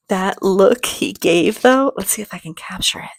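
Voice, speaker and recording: A woman hosts a reaction video, chatting casually and rambling, laughing easily and sounding emotional enough to be near tears. Her medium-pitched voice has vocal fry, moves at a moderate pace with few pauses, and has no echo.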